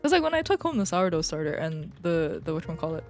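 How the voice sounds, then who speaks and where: A young woman talks on a live stream in a loose, rambling way, swearing freely and joking along the way. Her voice sits a little low for a woman. Faint music plays softly underneath. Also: sing-song, fast talker. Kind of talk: casual live-stream chat.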